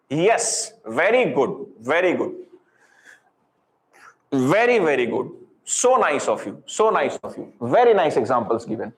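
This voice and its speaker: High, animated Indian teacher. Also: male voice. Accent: Indian English. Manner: encouraging, repeats praise, mixes Hindi. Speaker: physics teacher. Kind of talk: live online lecture. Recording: roomy echo.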